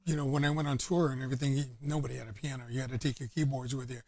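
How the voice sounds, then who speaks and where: A man's voice: medium pitch, fairly even intonation, racing, darkish tone, no echo. A man, a guest musician talking in an easygoing, rambling way with lots of fillers. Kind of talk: casual interview chat.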